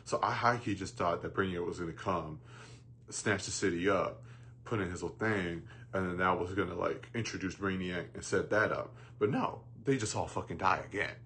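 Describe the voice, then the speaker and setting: A man talks through a film in a loose, rambling rant, swearing often and trailing off into fillers and restarts. His voice sits on the low side. A faint hum runs underneath the recording. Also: normal speed. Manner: bursts into loud mocking jokes. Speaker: movie reviewer. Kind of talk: casual rant.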